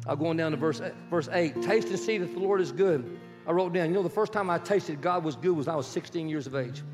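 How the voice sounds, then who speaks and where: Older pastor guy in his 60s preaching, kinda high voice, goes loud and pleading then real quiet, guitar playing behind in a big echoey church. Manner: swings from loud urgent pleading to soft hushed prayer. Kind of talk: sermon. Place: church sanctuary. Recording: long hall reverb with guitar music behind. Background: soft guitar music.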